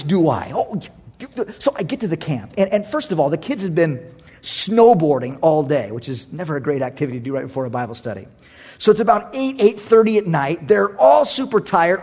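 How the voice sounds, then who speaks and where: A man preaching a sermon, telling a personal story in an animated way, swinging between loud exclamations and hushed asides, laughing often. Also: fairly high pitch, a little fast, breathy edge. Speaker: pastor.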